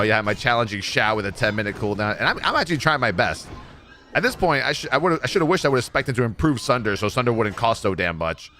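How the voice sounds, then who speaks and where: A man streamer casually recounting a gaming event, animated and jokey, acting out what others said. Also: medium pitch, slight background noise. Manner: animated, jokey storytelling with mimicked quotes. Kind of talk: casual gameplay commentary.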